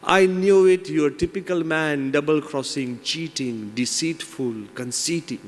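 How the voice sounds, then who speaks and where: A man's voice: medium pitch, lively intonation, unhurried, lightly acted. A man voicing a loyal, principled male monkey in a fable, firm and indignant. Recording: long reverb in large hall.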